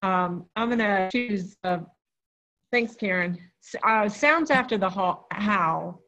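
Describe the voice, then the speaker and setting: A woman's voice: medium pitch, takes it slowly, sharp tone. Woman hosting an open mic on a call. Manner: chatty, loose and friendly. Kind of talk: casual hosting and poetry reading. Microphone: video call. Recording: slightly dull video call audio.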